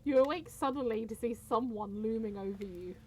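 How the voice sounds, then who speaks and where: A young woman streaming, reading a dating game aloud in an animated, giggly way. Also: fairly high pitch, fairly quick, noisy background.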